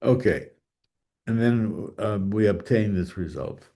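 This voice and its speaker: A man's voice: fairly low pitch, lively intonation, takes it slowly, mellow. A man giving a math lecture, thinking aloud with fillers and restarts and drifting away from the mic now and then.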